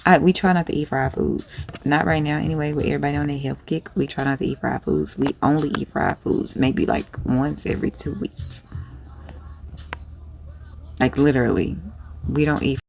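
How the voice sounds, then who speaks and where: A woman's voice: a bass voice, gravelly, background noise. A woman who sells clothes online, talking in a casual vlog in a rambling, blunt, profane way. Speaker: small online clothing seller.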